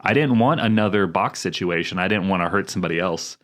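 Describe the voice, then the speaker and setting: A man co-hosting a casual gaming podcast, joking around and reading game notes aloud in a relaxed way. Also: low voice, quick pace. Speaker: podcast co-host.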